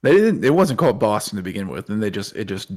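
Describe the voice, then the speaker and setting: A man's voice: fairly low pitch, very animated, fast, a little mellow. A man co-hosting a music podcast in casual chat, dropping dry, matter-of-fact corrections. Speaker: podcast co-host.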